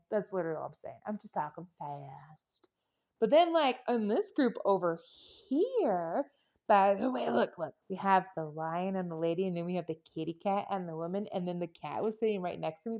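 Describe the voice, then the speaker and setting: A woman's voice: mid-range voice, animated, normal speed, a little mellow, lo-fi sound. A woman giving a casual tarot reading, chatty and playful, rambling into jokes and silly sound effects. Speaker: tarot reader.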